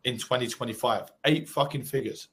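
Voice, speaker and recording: A man's voice: mid-range voice, normal speed. A man co-hosting a live webinar, reading out viewer questions and answering them in a hyped, sweary, motivational way. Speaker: co-host.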